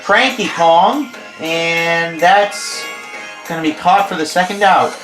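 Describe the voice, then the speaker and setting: A man's voice: a little high, slow pace. A man with a stuffy nose giving playful, jokey play-by-play of a video game, often correcting himself. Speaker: host, play-by-play commentator. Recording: roomy sound with music behind. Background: game music.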